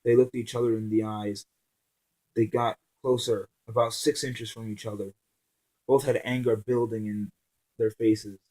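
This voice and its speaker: A man's voice: fairly low pitch, flat delivery, warm tone, low-quality recording. A man reading his own novel aloud, stumbling and restarting lines often. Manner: halting reading with frequent restarts and fillers.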